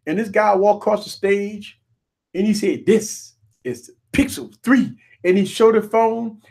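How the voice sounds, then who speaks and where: A man hosting a live tech stream, joking and ranting in an animated, repetitive way. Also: high-pitched. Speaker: tech show host.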